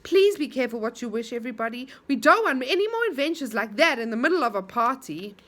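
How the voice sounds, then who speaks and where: A woman's voice: fairly high pitch, very animated, fast, a bit bright. A woman voicing Joe, a bossy boy in a storybook who complains indignantly.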